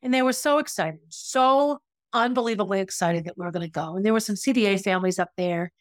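A woman's voice: mid-range voice, fast, no room sound. A middle-aged woman telling a personal story as a podcast host, earnest and emotional, acting out quoted dialogue.

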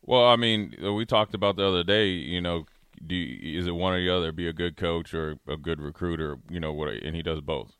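Deep-voiced sports talk man. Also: fairly quick, hardly any pauses, smooth, dry recording. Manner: relaxed, rambling with fillers and restarts. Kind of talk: casual sports chat.

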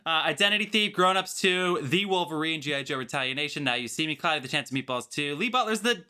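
A man co-hosting a casual film podcast, joking around and reading off long lists of movies quickly. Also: fairly high pitch, lively intonation, bright, forceful tone, clear, resonant tone. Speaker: podcast co-host.

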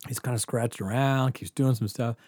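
A man's voice: mid-range voice, brisk, breathy edge, no echo, studio quality. A man casually telling a personal story, acting out the voices in it and laughing often. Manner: animated, acts out quotes, laughs often. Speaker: guest storyteller.

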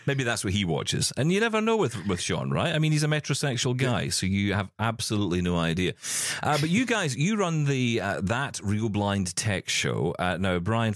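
A man's voice: fairly low pitch, normal speed, few pauses, no room sound, studio quality. A man hosting a tech podcast in casual, jokey chat with his guests. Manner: chatty, jokey, animated. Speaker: podcast host.

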